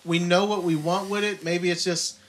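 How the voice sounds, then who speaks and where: A podcast co-host in a recording studio keeps the conversation casual and lively, mimicking the people who come up in his retold stories. He has a high-pitched voice and a moderate pace, and a little hiss or hum is audible.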